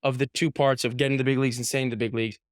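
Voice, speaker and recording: Young male athlete guest, chatty and animated, smooth clear voice, dry close sound. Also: mid-range voice, very fast, no echo. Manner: animated storyteller, heavy use of "like", acts out quotes. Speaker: professional baseball pitcher, guest. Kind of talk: casual storytelling interview.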